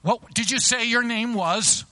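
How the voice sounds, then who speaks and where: A preacher acting out a stern ancient general. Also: male voice, sits high, normal speed, pushed and bright, dry recording. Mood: stern demanding. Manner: demanding, intense questioning.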